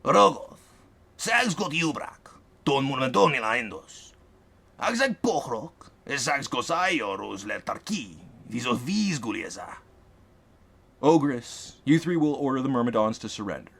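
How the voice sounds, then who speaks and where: A man voicing a commanding male insectoid ghoul warlord who makes measured, imperious proclamations. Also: medium pitch, big pitch swings, gravelly, fairly bright tone, husky, pitched above the performer's own voice, exaggerated voice.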